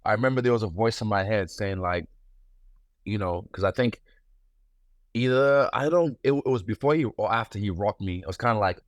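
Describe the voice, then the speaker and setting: A man in his thirties answers interview questions in a fairly low voice, loose and playful, tripping over restarts. His speech is slangy and easygoing, recorded dry and close. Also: a little fast, dry recording. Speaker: guest fighter. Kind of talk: casual interview.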